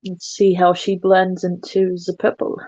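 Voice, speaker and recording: A woman's voice: on the low side, monotone, measured pace, mellow, dry recording, muffled recording. A woman hosting a casual makeup livestream, chatting to her viewers in a self-mocking way while she works. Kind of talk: casual makeup tutorial chat.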